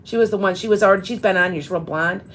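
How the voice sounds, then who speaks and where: A woman's voice: medium pitch, very fast, a little hiss or hum, poor audio. A woman in her fifties, a psychic medium hosting a casual live show, talking in a rambling way with many restarts. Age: 50s. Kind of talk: casual live-stream chat.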